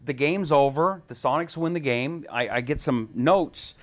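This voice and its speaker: A man, a radio talk host, telling stories from his career in a casual interview. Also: fairly high pitch. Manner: rapid, animated anecdotes with quoted voices.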